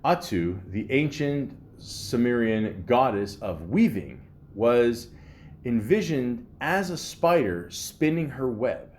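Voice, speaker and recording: A man's voice: mid-range voice, big pitch swings, takes it slowly, darkish tone, a little hiss or hum. A man hosting a podcast in a casual rambling monologue, swearing freely, using lots of fillers, and reading facts aloud before riffing on them. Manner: rambling, profane, filler-heavy. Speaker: podcast host.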